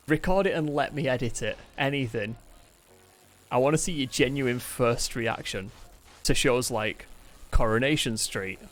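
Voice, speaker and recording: A man with an accent between Manchester and Yorkshire, chatting casually to his live-stream audience from home and laughing often. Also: mid-range voice. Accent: mix of Manchester and Yorkshire. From England. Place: home, mid-move. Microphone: desk mic, camera on temporary tripod.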